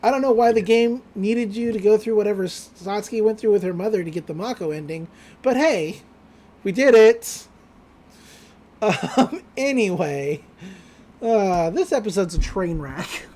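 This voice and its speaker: Young woman podcast cohost, rambly casual recap, lots of likes and uhs, mid-pitched. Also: animated, a little slow, warm tone. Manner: chatty, rambling, with frequent "like" and "uh". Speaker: podcast co-host. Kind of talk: casual episode recap chat.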